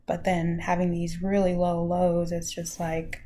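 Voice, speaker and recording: A woman, telling her own health story in an emotional, halting way, close to tears and sometimes dropping to a soft near-whisper. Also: lowish voice, completely flat delivery, background noise. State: tearful. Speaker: vlogger sharing her health journey. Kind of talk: emotional personal vlog.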